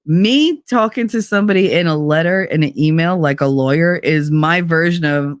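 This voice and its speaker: A woman's voice: sits low, moderate pace, hardly any pauses, clean tone, no echo, clean studio sound. Blunt, profane woman chatting to a stream. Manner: blunt, profane, laughing storyteller; slips into put-on accents and voices. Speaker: livestream talk show host. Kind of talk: casual chat to a live chat audience.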